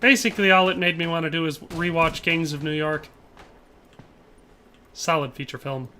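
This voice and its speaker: Young male streamer, casual banter, bright tense tone. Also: on the high side, fairly even intonation, moderate pace, a little hiss or hum. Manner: chatty, jokey, tries mock Irish accents. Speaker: game streamer. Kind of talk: casual live-stream commentary.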